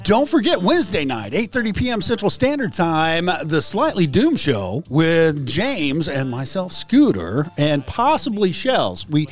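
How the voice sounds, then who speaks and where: A man's voice: a little high, huge pitch swings, a little slow, few pauses, soft background music. A man co-hosting a casual livestream. He is chatty and laughs easily. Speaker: livestream co-host.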